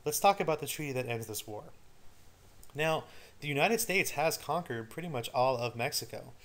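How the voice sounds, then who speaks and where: A man's voice: mid-range voice, lively intonation, normal speed, fairly bright tone. Joking history teacher, man. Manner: casual, joking asides to students. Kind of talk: recorded study-guide lecture.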